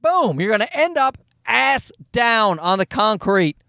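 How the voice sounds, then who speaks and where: A man in his thirties tells a stand-up story with a lively, swooping delivery and a fairly high voice. He is animated and profane, and he jumps into high-pitched voices whenever he quotes someone. The sound is dry and close. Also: unhurried, no room sound. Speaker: stand-up comedian.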